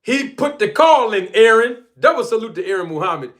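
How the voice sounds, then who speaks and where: An American man hosting a boxing talk live stream, teasing the audience with loud hype and then dropping into a soft crooning tone. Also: sits high, animated, brisk. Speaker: boxing talk show host. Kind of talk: live-stream commentary and shout-outs.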